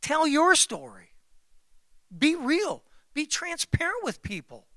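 A man preaching a sermon as pastor, emphatic and repetitive, calling out to the congregation and swinging between loud exclamations and hushed confiding. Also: extremely high pitch, huge pitch swings, slow, no echo, studio quality. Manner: repeats phrases and calls out to the congregation.

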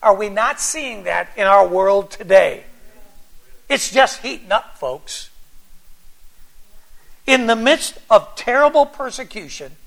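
A man's voice: high voice, lively intonation, slow, creaky, long pauses, fairly bright tone. A man preaching a sermon as pastor, reading scripture aloud and building to fervent, emphatic passages.

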